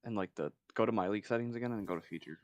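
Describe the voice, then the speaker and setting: A man joining a game stream as the host's friend, making quick teasing side remarks. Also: fairly low pitch, dry recording.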